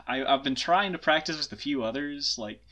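A man's voice: mid-range voice, a little fast, sharp tone. A man with a Southern US accent, chatting as a guest in a casual interview, self-deprecating and laughing often.

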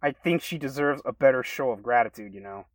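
A man doing a loud, teasing young bandmate. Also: medium pitch, brisk, no room sound, voice pushed up, lightly acted. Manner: brash, mocking, loud.

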